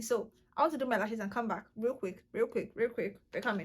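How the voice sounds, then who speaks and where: A young woman chatting through a makeup tutorial in a playful way, often breaking into excited exclamations. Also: fairly high pitch, moderate pace, few pauses, a little hiss or hum. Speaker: beauty vlogger.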